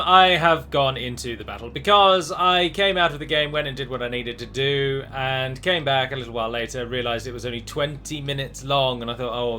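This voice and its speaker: Bright-voiced man commentating a game. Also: mid-range voice. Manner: chatty, rambling, with frequent restarts and dramatic flourishes. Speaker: let's play host.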